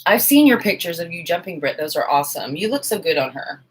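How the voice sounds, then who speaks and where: Live-stream host, woman in her forties, husky and a bit low, rambling casual home chat while she works. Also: big pitch swings, quick pace, low-quality recording. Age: 40s. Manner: chatty, self-mocking, talks to viewers while working. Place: home sewing room, indoors, fan running.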